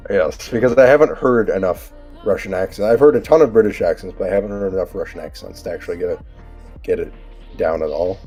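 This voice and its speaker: A man's voice: low-pitched, dark tone, breathy edge. A man chatting casually on a livestream, joking and teasing his friends. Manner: joking, teasing, quick to laugh. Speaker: streamer. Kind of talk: casual group chat on a livestream. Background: faint background music.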